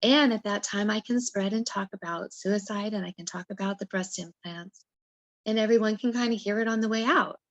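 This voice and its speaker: A woman guest on a podcast, telling her personal story in an emotional, animated way and acting out her own past words. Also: medium pitch, a little fast, no echo, muffled recording.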